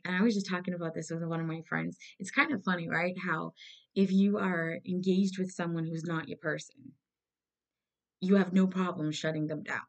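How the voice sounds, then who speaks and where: A woman's voice: lowish voice, creaky, a little mellow, lo-fi sound. A woman giving a casual tarot reading to her viewers, blunt and emphatic, swearing freely and repeating her points. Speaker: tarot reader.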